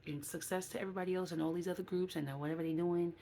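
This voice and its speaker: A woman with a low voice talks frankly and chattily to her viewers in a casual vlog, sometimes slipping into other people's voices. A faint background hiss sits under her speech. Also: steady tone, very fast, warm tone. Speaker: vlogger.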